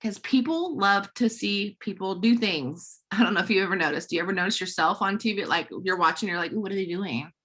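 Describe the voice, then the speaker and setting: Bright chatty woman. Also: medium pitch. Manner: chatty, quick asides, acts out little dialogues. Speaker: network marketing presenter. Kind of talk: casual tips talk on a group call.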